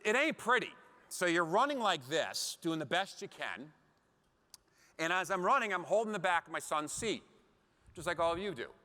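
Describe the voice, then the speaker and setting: A man's voice: high voice, normal speed. A middle-aged man giving a motivational keynote talk to a conference crowd, acting out little scenes as he tells stories. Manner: animated storytelling, acts out scenes. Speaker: keynote speaker. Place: large conference hall. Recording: long hall reverb.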